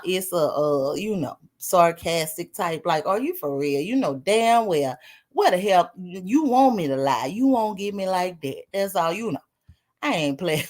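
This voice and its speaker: An older woman, telling a story on a casual live stream, animated and laughing often. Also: mid-range voice. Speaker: vlogger.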